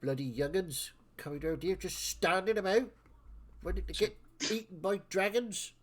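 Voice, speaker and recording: A man's voice: high voice, moderate pace, pitched above the performer's own voice. Man doing a bossy old woman elder. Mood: grumbling. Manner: blustering, folksy rural talk.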